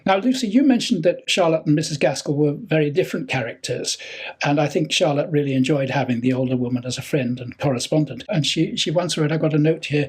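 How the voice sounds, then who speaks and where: A man hosting a relaxed discussion, affable and agreeable, often restarting his sentences. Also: a little high, quick pace, slightly rough. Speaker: host and producer. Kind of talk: conversational discussion.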